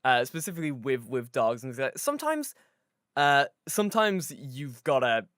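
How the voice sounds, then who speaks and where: Lively bright-voiced man chatting casually. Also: medium pitch, normal speed, no room sound, studio quality. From Europe. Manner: animated, swears freely, acts out quoted voices. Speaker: podcast co-host. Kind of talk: casual chat.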